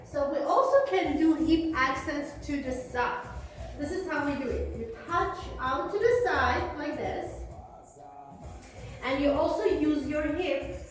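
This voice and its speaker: A woman's voice: high-pitched, unhurried. A woman teaching a beginner belly dance class, explaining moves and counting steps aloud as she demonstrates. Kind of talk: online dance lesson, counting beats. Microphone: phone camera at a distance. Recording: very echoey room, voice from far off, faint music.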